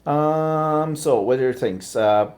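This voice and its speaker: A man's voice: fairly high pitch, slow, a little mellow. A middle-aged Canadian man with a Canadian accent, chatting casually on a live stream and reading out viewer comments.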